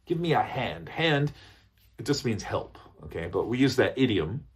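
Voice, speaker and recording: A man's voice: mid-range voice, normal speed, husky. A man teaching business English phrases, repeating examples and checking in with listeners often. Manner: animated, repeats phrases with checking "okay?" and "right?".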